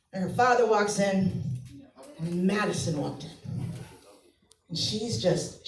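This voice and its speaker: A woman in her forties doing a stand-up comedy set, telling a family story with lively storytelling and acted-out voices. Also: lowish voice. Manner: animated storytelling, acts out family members. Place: club stage. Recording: roomy live club sound, mic picked up from a distance.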